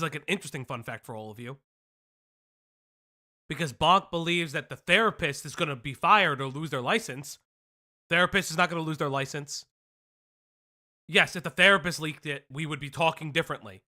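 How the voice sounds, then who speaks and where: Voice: medium pitch, expressive, a little fast, pauses often, bright, forceful tone. A commentary stream host talking to chat over a played video, sarcastic and pointed, firing off rhetorical jabs. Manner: chewing while talking at times.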